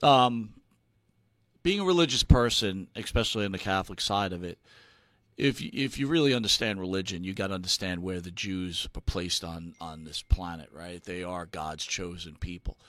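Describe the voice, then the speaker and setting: A man co-hosting a casual talk show, halting and full of restarts and fillers, emphatic and earnest when he presses a point. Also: deep voice, a bit bright, no room sound. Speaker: podcast co-host. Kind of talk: casual conversational commentary.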